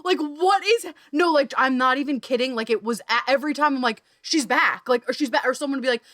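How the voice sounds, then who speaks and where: A woman hosting a podcast, gushing excitedly and swearing freely, talking in rapid bursts that keep interrupting themselves. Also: high voice, dry recording, clean studio sound. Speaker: podcast host.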